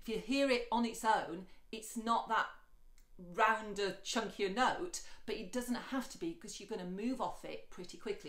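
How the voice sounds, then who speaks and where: A woman's voice: normal speed, fairly bright tone, reverberant. A woman teaching singing, chatty and encouraging, talking straight to the viewer. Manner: switches between speech and light, high sung lines. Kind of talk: singing lesson with sung demonstrations.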